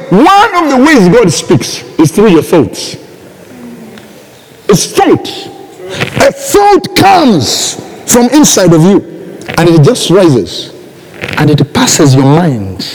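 A male pastor with a high, wildly swooping voice, delivering a sermon in unhurried, drawn-out phrases. He moves from quiet asides to shouted exhortation, and his voice rings through a church hall with a long reverb. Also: huge pitch swings. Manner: emphatic, swinging from soft to shouted.

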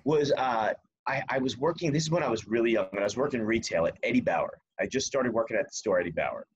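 A man's voice: medium pitch, lively intonation, fast talker, lo-fi sound, a little hiss or hum. A man on a casual podcast, telling a self-deprecating story and acting out the people in it. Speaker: podcast co-host.

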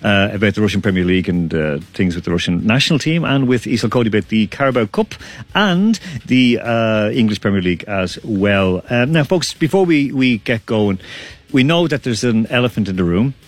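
Chatty low-voiced male radio sports host. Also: lively intonation, fairly quick. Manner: chatty, rambling, self-deprecating with many fillers. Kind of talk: casual radio sports roundup. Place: radio studio.

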